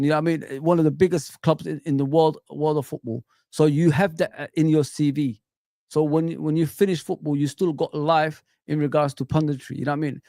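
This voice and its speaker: A middle-aged man with a fairly high, gravelly, mellow voice hosts a live football stream. He rants passionately and casually, firing rhetorical questions directly at his viewers and chat. The audio is studio quality with no room sound.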